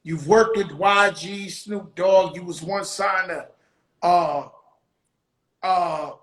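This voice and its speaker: Man host, excitable and slangy, high voice, roomy echo on the mic. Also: slow pace. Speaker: interviewer host. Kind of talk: casual interview chat. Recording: echoey room.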